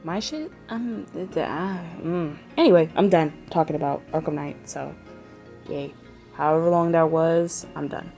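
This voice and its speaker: A woman's voice: low-pitched, a little slow, creaky, dark tone, faint music behind. A woman chatting casually in a vlog, rambling and swearing freely and trailing off mid-sentence. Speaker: vlogger.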